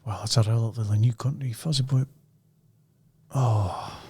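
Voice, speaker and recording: A man's voice: medium pitch, fairly even intonation, moderate pace, warm tone, breathy edge. A Scottish man in casual podcast chat, protesting and joking while answering quiz questions. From Scotland. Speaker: podcast co-host, quiz contestant.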